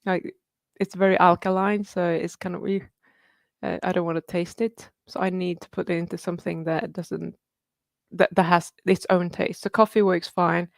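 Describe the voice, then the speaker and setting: Chatty gravelly-voiced woman hosting live Q&A. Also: lowish voice, level tone, moderate pace, dry recording, clean studio sound. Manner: chatty and upbeat, laughs often, swears casually. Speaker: livestream host answering viewer questions. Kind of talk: casual live Q&A.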